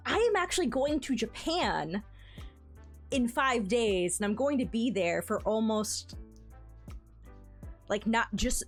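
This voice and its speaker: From her home setup, a woman streamer chats casually and cheerfully with viewers in a livestream. She coos at her cats in a high, playful voice.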